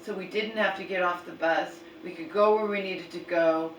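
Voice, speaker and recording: A woman's voice: on the low side, steady tone, moderate pace, roomy sound, recorded from a distance, slight background noise, rough recording. A woman vlogging a rambling, exasperated story and retelling arguments, swearing now and then.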